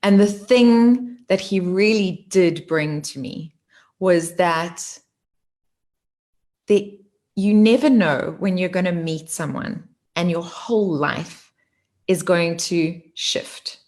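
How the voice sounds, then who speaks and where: Candid low-voiced woman telling her story. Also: takes it slowly, a little mellow. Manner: candid, conversational, addresses viewers directly. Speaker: host. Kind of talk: personal storytelling to viewers.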